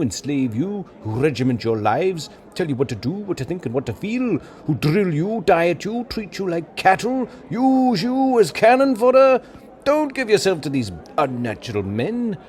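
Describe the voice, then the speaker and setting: A man's voice: sits high, voice pushed up. A Scottish man reading as an impassioned humble speechmaker. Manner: builds to rousing, almost shouted appeals. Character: humble man giving an impassioned plea for humanity. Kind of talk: dramatic reading of a film speech.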